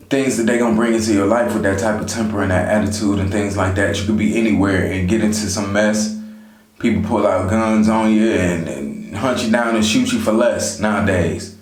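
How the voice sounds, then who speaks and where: Man giving casual life advice, echoey room. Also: lowish voice. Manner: conversational, repeats "you know", talks straight to viewers. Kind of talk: casual motivational talk to camera.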